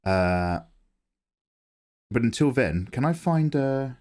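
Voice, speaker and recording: Lively, chatty streamer man. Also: medium pitch, slow. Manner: chatty, jokey, rambling. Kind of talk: casual live-stream chat.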